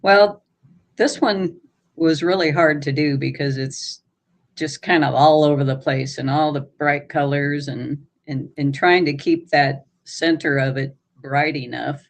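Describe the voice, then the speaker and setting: Casting note: middle-aged woman guest, plainspoken and modest, gravelly fry in the voice. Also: low-pitched, steady tone, a little slow. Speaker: guest artist. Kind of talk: casual chat.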